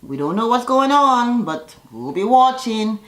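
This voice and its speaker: A woman chatting casually as she recaps a reality TV episode, sassy and full of quick asides. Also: a little high, very animated, a bit bright, reverberant, rough recording.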